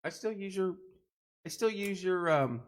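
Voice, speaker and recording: A middle-aged man with a high voice speaks a little slowly as host of a casual live chat show. Joking and rambling, he greets viewers and tells animated stories.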